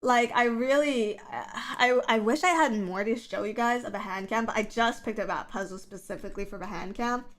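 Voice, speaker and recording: A woman's voice: a little high, normal speed, hardly any pauses, fairly bright tone. A woman streamer chatting casually on a livestream, rambling with lots of fillers, her voice scratchy from the early morning.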